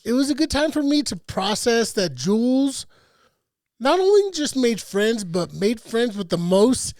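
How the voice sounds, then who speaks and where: A man's voice: very high-pitched, big pitch swings, unhurried, a little mellow, no echo. A young adult man co-hosting a podcast in casual chat, wry and teasing, swearing freely. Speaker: podcast co-host.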